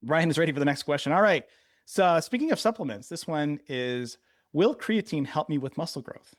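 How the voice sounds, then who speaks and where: A man's voice: on the high side, animated, a little fast, no echo, studio quality. A man co-hosting a podcast in casual chat, teasing his partner and explaining at length. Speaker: podcast co-host.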